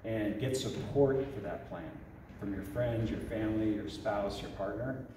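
A fairly low, slightly slow male voice carries a parent talk in a church hall. The speaker, a youth ministry director, chats conversationally and checks in with "okay?" often. It's recorded from far away in an echoey space, with a noisy background.

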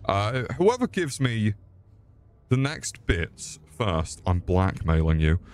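Brief: British male streamer, unhurried, lively pitch swings, sweary outbursts. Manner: swearing, exclamatory, bursts of yelling at chat. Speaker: gaming streamer. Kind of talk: live gameplay commentary.

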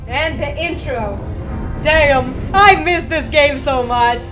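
Excitable high-voiced woman gaming commentator. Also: slow pace. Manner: excitable, swears a lot, shouts at the screen. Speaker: gaming video host. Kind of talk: let's play commentary. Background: game music and sound.

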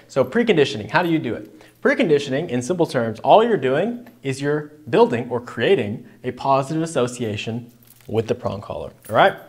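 Young man, dog trainer, instructional demo; conversational, repeats "right?", mid-range voice. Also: mid-range voice. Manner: explains with frequent "right?" tags, acts out dog thoughts.

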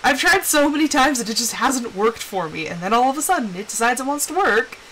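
A young woman streams her game with a bright, clear voice, chatting away and telling animated stories. Her pitch bounces around a lot, and faint game ambience plays behind her. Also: brisk, a little hiss or hum, low-quality recording. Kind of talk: casual live-stream gameplay chat.

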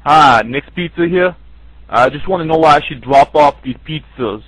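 A man's voice: a little high, moderate pace, fairly bright tone, no room sound, poor audio. A man making a prank call as a pizza deliverer, insisting that the other person pay. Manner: pushy, insistent.

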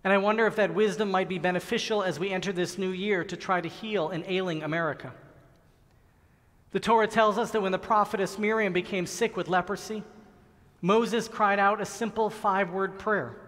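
A middle-aged man giving an earnest, measured sermon as a rabbi, with slow, emphatic pauses. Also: high-pitched, fairly bright tone. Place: large synagogue sanctuary. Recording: long reverb of a large hall.

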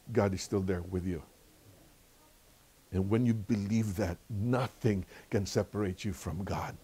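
Older Filipino man teaching a lesson. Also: fairly low pitch. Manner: animated storytelling, laughs often; preacherly repetition. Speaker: Bible study teacher. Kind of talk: church lesson review.

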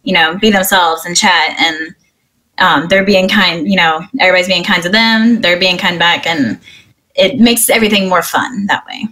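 A woman's voice: on the low side, moderate pace, sharp tone. Upbeat Missouri woman streamer chatting. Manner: earnest and upbeat, lots of "um" and "you know", giggles often. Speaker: guest streamer. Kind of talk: casual interview chat.

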